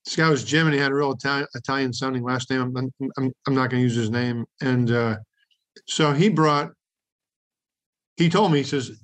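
A man's voice: mid-range voice, steady tone, brisk, fairly bright tone. A man hosting a casual podcast conversation, telling anecdotes from recruiting and chuckling as he goes. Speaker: podcast host, executive recruiter.

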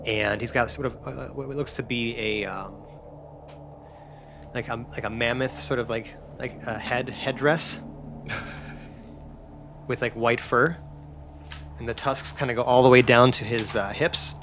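A man's voice: mid-range voice, fairly even intonation, a little slow, pauses often, background noise. A man narrating a tabletop game as game master, rambling with lots of fillers.

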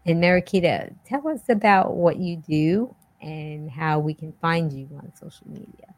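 Low-voiced woman hosting a chat show. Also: unhurried, dry recording, poor audio. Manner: chatty, with frequent restarts. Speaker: podcast host. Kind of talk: casual interview chat.

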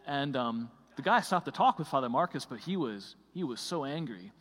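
A man's voice: on the high side, animated, moderate pace, few pauses, fairly bright tone, big-room sound. A man preaching a sermon in a conversational way, full of fillers and restarts.

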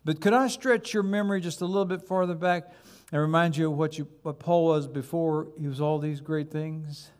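A man's voice: a little high, fairly even intonation, normal speed. A man preaching a sermon as pastor, building dramatically to emphatic repeated words.

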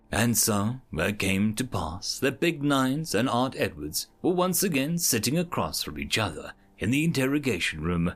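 A man narrating a science fiction story aloud in an even, descriptive reading style. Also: medium pitch, moderate pace, hardly any pauses, soft background music.

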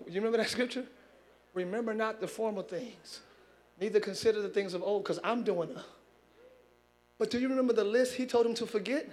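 A man preaching a sermon as pastor, calling out to his congregation and pushing them to answer back. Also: high voice. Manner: shouting preacher, call-and-response with congregation.

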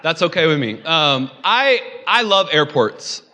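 Young man, pastor, conversational sermon, joking, audience call-outs, bright ringing voice. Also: on the high side, very animated, unhurried.

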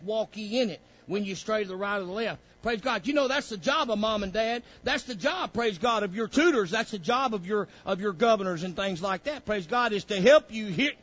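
A man's voice: high voice, animated, moderate pace, few pauses, fairly bright tone, muffled recording. A man leading a Bible study lesson for young students, folksy and preacherly, often saying "praise God". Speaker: Bible teacher.

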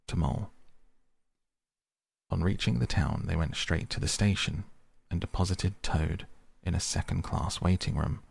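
Male narrator for a classic storybook, deep and gravelly, measured delivery. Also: dry recording. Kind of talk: audiobook narration.

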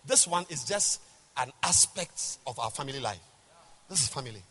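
A man, a bishop, preaching a sermon to a large congregation, emphatic and rhetorical, swinging from quiet asides to shouts. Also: mid-range voice, animated, normal speed, breathy edge. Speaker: bishop and pastor. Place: large church hall. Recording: reverberant church hall.

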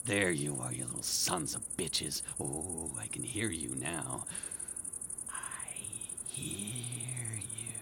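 An actor in an audio drama playing a sleepless, paranoid man obsessed with noises in the walls, swinging between muttering and yelling. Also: high voice, wildly swooping pitch, measured pace, heavy background noise, heavily acted. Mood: menacing whisper. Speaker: actor in a one-man radio play.

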